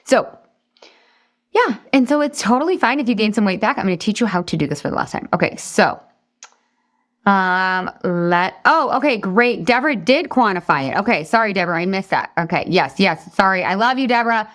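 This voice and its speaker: A woman in her forties, a weight loss coach, teaching a live online class in an energetic, chatty, encouraging way that jumps into high excited outbursts. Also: fairly quick.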